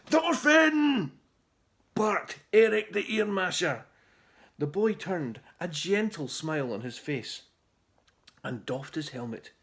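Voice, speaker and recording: A man reading his children's book aloud in an animated, theatrical way. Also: a little high, a little slow.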